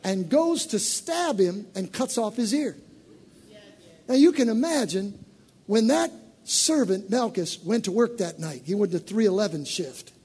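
A man preacher giving an animated, conversational sermon to a congregation in church. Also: high-pitched, a little slow, breathy edge.

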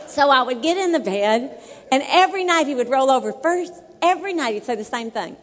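A high-voiced woman tells a funny marriage story from the pulpit, acting out both sides of the dialogue. She laughs often as she speaks, and her voice rings through a hall with a long echo. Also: expressive, brisk, a faint crowd. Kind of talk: humorous sermon testimony.

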